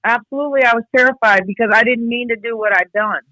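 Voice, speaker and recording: A woman from Iowa giving a candid personal account, blunt and halting, swearing freely as she reflects. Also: fairly high pitch, bright, forceful tone, dry recording. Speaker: guest, host's sister. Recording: tinny phone line.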